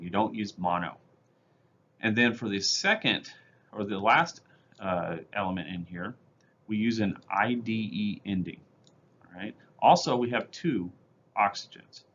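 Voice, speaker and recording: A man's voice: lowish voice, a bit bright, dull audio, slight background noise. A male chemistry teacher giving a recorded lecture over slides, explaining step by step in a plain, methodical way with casual fillers.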